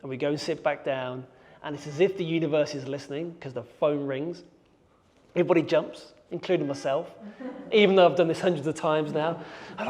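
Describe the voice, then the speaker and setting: A man's voice: fairly high pitch, brisk, darkish tone. A middle-aged man giving a keynote talk on stage. He tells a dramatic story and acts out scenes and his own thoughts. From Birmingham, England. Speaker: keynote speaker, hostage negotiator. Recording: long reverb of a large hall.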